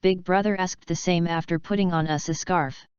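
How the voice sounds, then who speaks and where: A woman's voice: on the low side, steady tone, normal speed, darkish tone, clean tone, no room sound, lightly acted. A woman voicing a big, silly male dog who talks, eager and complaining. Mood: whiny. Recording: dull lo-fi recording.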